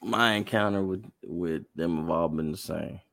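A man's voice: sits low, normal speed, no echo, studio quality. A man co-hosting a podcast in casual chat, laughing often. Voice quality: gravelly, animated, laughs often. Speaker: podcast co-host.

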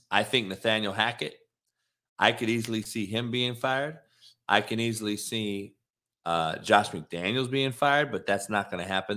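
A man's voice: on the low side, pushed and bright. A man hosting a casual sports talk stream, swearing freely and talking straight to his viewers in a fired-up rant. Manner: profane, fired-up, talks straight to the chat. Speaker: sports talk show host.

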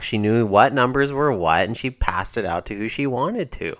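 A man's voice: mid-range voice, expressive, normal speed, a bit bright, no echo, studio quality. A man co-hosting a casual podcast, joking sarcastically and swearing often. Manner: sarcastic, swearing, wrestling-fan jokes. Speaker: podcast co-host.

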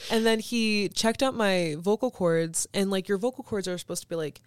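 A woman's voice: medium pitch, moderate pace, smooth, no echo, studio quality. Chatty young woman telling a story. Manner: animated, laughing often, lots of "like". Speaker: podcast guest. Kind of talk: casual storytelling.

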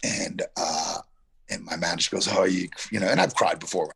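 A man's voice: deep voice, a little fast, vocal fry, a bit bright, breathy edge. A middle-aged man from Yonkers, a guest actor telling a rambling, reflective story in a casual interview, full of fillers and restarts. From Yonkers, New York.

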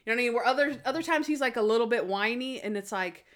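A woman co-hosting a casual podcast chat, retelling scenes in an animated way, acting out quotes and laughing often. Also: fairly high pitch, racing. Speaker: podcast co-host. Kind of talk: casual chat recapping a TV episode.

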